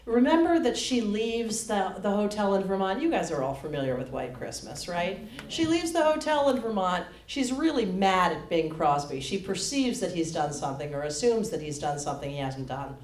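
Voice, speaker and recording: A woman cabaret singer chatting with the audience between songs in a public library performance space, telling an animated story with wry questions to the crowd. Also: mid-range voice, normal speed, recorded from a distance, a little hiss or hum. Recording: echoey room, loud piano. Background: piano accompaniment.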